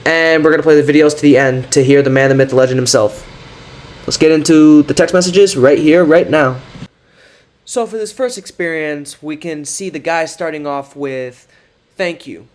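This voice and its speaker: A man's voice: fairly high pitch, normal speed, darkish tone. A man giving casual commentary, reading out text messages in a sarcastic, mocking way. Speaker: commentary creator.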